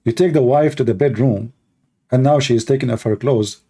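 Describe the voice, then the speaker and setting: A man's voice: mid-range voice, fairly quick, mellow, slightly rough. A man giving sarcastic, mocking livestream debate commentary in broken English. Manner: broken, non-native English phrasing. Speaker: online debater.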